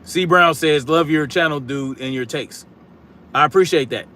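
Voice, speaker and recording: A man hosts a political live stream, reading chat comments and talking bluntly and combatively in casual slang, with catchphrases he keeps repeating. His projected voice is a little high, pushed and bright, at normal speed.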